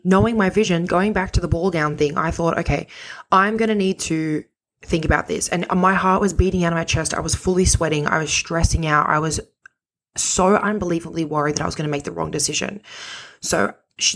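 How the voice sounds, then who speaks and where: Low-voiced chatty woman. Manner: chatty, expressive, slangy. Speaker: podcast host. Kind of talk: casual storytelling monologue.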